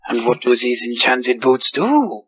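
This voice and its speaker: A man's voice: medium pitch, sing-song, measured pace, bright, forceful tone, husky, full character voice. A man voicing a sly male cat-folk merchant who talks of himself in the third person, in a tabletop role-play.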